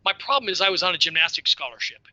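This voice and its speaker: A middle-aged man with a strikingly bright, forceful voice tells casual stories, joking at his own expense. The sound is dry and close, but dull and lo-fi. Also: high-pitched, very fast, no echo. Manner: lively, laughing, self-deprecating storyteller. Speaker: podcast guest. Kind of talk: casual storytelling.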